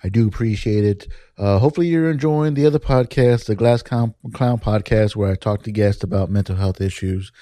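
A man's voice: fairly low pitch, a little fast, few pauses, warm tone, no room sound, clean studio sound. A man hosting a solo podcast, talking in a rambling, candid way and swearing freely. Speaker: podcast host. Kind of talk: casual solo podcast monologue.

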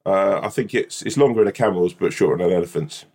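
Talking fast in a low-pitched, darkish, slightly rough voice, this man co-hosts a podcast. His casual banter rambles along, building one goofy hypothetical after another.

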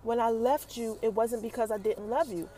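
A woman voicing a remorseful grown man who pleads for help in a quiet, shaky way. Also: fairly high pitch, fairly even intonation, normal speed, slight background noise, pitched below the performer's own voice, lightly acted. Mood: confessing.

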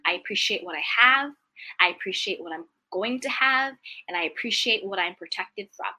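A woman hosts a self-help video in an earnest, casual monologue about mindset and gratitude, going over affirmations again and again and briefly impersonating complainers. Her mid-range voice is animated, husky, pushed, and bright, at a moderate pace.

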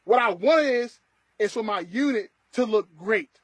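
A man's voice: high-pitched, lively intonation, measured pace, dry recording. A man co-hosting a sports podcast, ranting emphatically in casual talk. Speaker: podcast co-host.

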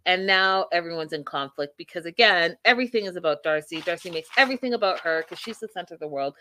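A woman's voice: on the low side, lively intonation, brisk, hardly any pauses, pushed and bright. Woman host, chatty and opinionated, for a casual live reality-TV recap. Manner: chatty and opinionated, many fillers.

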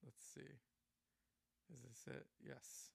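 A man hosting a casual talk show, animated and outspoken, swearing freely. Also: mid-range voice, takes it slowly, vocal fry, husky. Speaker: host.

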